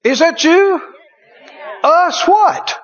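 High-voiced exuberant man preaching. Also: drawn-out words. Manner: exuberant, bursts into shouted exclamations. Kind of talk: sermon. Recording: dull lo-fi sound.

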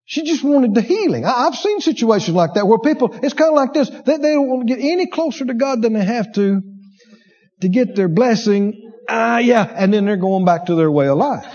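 A man preaching a sermon, animated, acting out inner voices and laughing as he preaches. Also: very high-pitched, brisk, lo-fi sound.

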